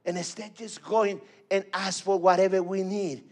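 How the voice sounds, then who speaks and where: A man's voice: sits high, little pitch movement, normal speed, a little mellow. A man preaching a fervent sermon, repeating phrases and calling for responses.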